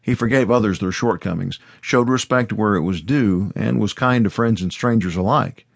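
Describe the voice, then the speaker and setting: A male audiobook narrator with a very low voice tells the story in first person, measured and steady. The recording is close and completely dry, with no room sound at all. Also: creaky, no echo.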